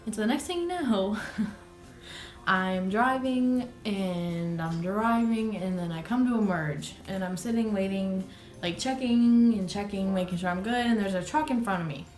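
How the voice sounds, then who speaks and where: A woman's voice: mid-range voice, lively intonation, a little fast, mellow, soft background music. A young adult woman casually telling a dramatic personal story on her vlog, swearing, laughing and exaggerating as she goes. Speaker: vlogger. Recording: echoey room.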